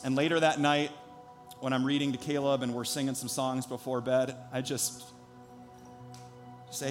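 A man's voice: mid-range voice, flat delivery, normal speed, long pauses, soft background music. A man in his thirties, a pastor preaching a sermon, telling a personal story earnestly before building to emphatic preaching.

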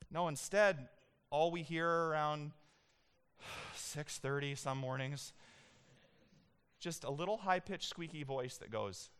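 A man in his thirties delivers a sermon with a bright, high tenor. His tone is smooth and clear, and he shifts between animated storytelling and emphatic points. He sounds like a pastor speaking to a congregation. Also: takes it slowly, long pauses.

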